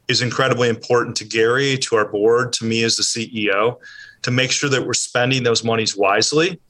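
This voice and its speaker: Man, charity CEO, bright tone, earnest, measured, interview guest. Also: mid-range voice. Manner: earnest, measured, uses ums. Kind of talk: interview answers.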